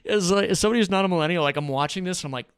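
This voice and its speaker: A man's voice: high-pitched, very fast, clean tone, no room sound, clean studio sound. A man, a podcast guest, telling stories in casual chat and acting out what people said. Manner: animated, acts out quotes.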